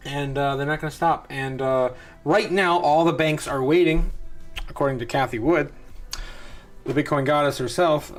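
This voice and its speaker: A man with a somewhat high voice talks loosely through live charts as a show host, rambling and wry, breaking into exclamations. He speaks over faint background music. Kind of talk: casual live chart commentary.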